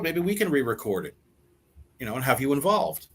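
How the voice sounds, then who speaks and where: Older male musician, interview guest; animated anecdotes, acts out other people's lines, many restarts. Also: mid-range voice, brisk. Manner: animated storyteller who acts out quoted dialogue; frequent repeated words and restarts. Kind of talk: storytelling in a casual interview.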